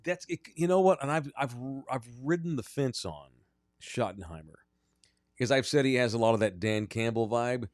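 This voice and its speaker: A man's voice: medium pitch, expressive, normal speed, dry recording, studio quality. A man co-hosting a sports radio show, chatting casually and reading a live ad with a drawl, often acting out quoted voices. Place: radio studio.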